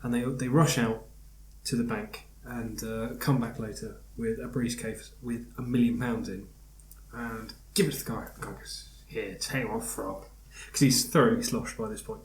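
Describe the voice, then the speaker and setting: A man with a mid-pitched voice spins out a joke in a loose, rambling way, stumbling over fillers as he goes. He is recorded in a roomy, echoing space. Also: moderate pace, a little hiss or hum. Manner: rambling, animated storyteller with many fillers. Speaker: podcast host. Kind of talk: casual chat, telling a joke. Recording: roomy echo.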